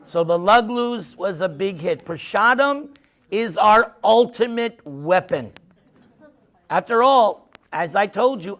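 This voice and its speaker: Slow-talking man telling jokey stories. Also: high voice. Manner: humorous, animated storytelling. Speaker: speaker answering questions. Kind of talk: casual talk to an audience.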